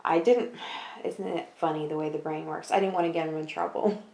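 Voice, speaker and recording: A woman speaking quietly and in a measured way in a personal interview. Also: low voice, steady tone, creaky. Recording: echoey room.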